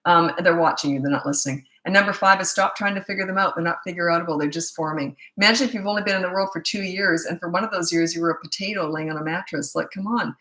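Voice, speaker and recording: A woman's voice: on the low side, quick pace, few pauses, bright, forceful tone. A middle-aged woman parenting coach answering questions bluntly, with no filter and a habit of laughing at herself. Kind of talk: live Q&A answering viewer questions.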